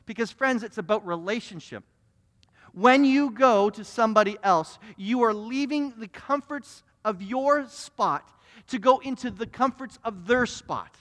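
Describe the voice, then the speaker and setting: A man's voice: high voice, a little slow, fairly bright tone. A male pastor preaching a sermon, stammering restarts and acting out small everyday scenes. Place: church sanctuary. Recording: long reverb in a church hall.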